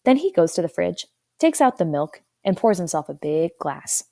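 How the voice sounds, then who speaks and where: A woman narrating a first-person audiobook in a wry, expressive way. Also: lowish voice, normal speed, creaky, dry recording, clean studio sound.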